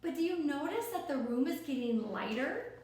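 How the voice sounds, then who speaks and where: A woman reading a picture book aloud to children, gently coaxing and asking the listener questions as she goes. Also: high voice, sing-song, normal speed. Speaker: storyteller. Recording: very echoey room.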